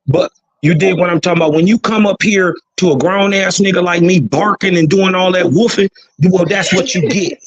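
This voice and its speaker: A man's voice: high voice, fairly quick, dry recording, highs cut off. A man co-hosting a casual podcast discussion, talking in a drawling, slangy way. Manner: drawling, slangy, says "you dig what I'm talking about".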